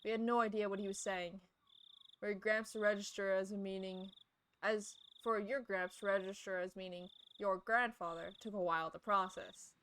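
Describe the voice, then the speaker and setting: A woman's voice: mid-range voice, steady tone, normal speed, a bit bright, smooth. A playful, giggly young woman streaming, reading a visual novel aloud and chatting with viewers.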